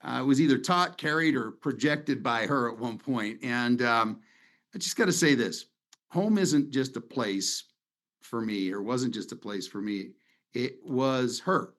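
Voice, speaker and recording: A man's voice: mid-range voice, a little slow, a bit bright. Middle-aged male webinar host, casual and sentimental, on a video call from a home office. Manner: conversational, rambling, sentimental. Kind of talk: casual presentation over slides.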